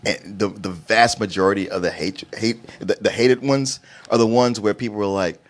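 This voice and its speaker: A man's voice: on the low side, fairly even intonation, moderate pace. A man co-hosting a casual movie review chat, easygoing and joking along. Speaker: co-host of a movie review show.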